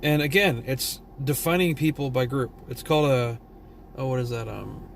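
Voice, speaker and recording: A man's voice: medium pitch, normal speed, gravelly, slight background noise. Tired, blunt Southern man ranting. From Texas. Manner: blunt, profane, rambling. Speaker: vlogger. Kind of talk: casual opinion rant.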